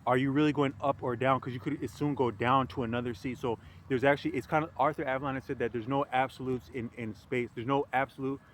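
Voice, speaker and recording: A man musing aloud in a casual philosophical monologue, rambling and halting with frequent restarts and fillers. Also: medium pitch, fairly even intonation, a little hiss or hum. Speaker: podcast host.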